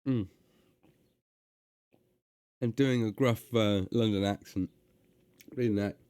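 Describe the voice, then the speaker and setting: Brief: relaxed male streamer, hesitant chat, dry close sound. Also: fairly low pitch, slow pace, clean tone, no room sound. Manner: relaxed, hesitant with many fillers. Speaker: streamer reading aloud. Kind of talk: casual reading and chat on a live stream.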